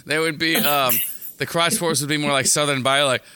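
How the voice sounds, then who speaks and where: Bright, rambling comedic man. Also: fairly high pitch, steady tone, normal speed, clean tone. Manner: rambling, self-interrupting, jokey tangents. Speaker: podcast co-host. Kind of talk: casual comedic banter.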